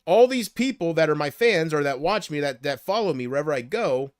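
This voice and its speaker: A man's voice: a little high, animated, fairly quick, no echo. Rambling man chatting on a livestream. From United States. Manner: rambling, unsure, drifting between thoughts. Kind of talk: casual livestream chat reading viewer comments.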